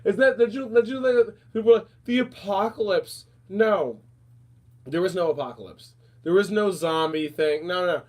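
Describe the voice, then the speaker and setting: A man hosting a casual talk show, animated and rambling, calling listeners darling and honey. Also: high voice. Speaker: podcast host. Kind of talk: casual chat.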